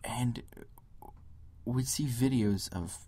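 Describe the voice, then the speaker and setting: A young man hosts a solo political podcast in a medium-pitched, slow, dark voice, recorded dry. He rants and mocks opposing views, slipping into impressions and sudden whispers.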